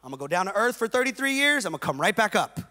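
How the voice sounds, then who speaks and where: A man's voice: high voice, very animated, racing, bright, forceful tone, heavily acted. A man voicing Jesus as a laid-back, eager young man in casual slang, in a comic bit within a sermon.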